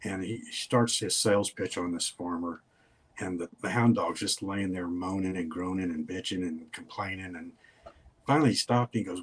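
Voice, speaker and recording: A man's voice: sits low, moderate pace, husky. An older man, a guest in a casual interview, telling stories in a folksy, rambling way.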